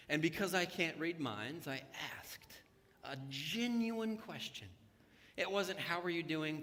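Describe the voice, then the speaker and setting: A man's voice: on the high side, sharp tone. A man preaching a sermon in a church, telling stories in a conversational way and acting out the voices of the people in them. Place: church sanctuary. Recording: long hall reverb.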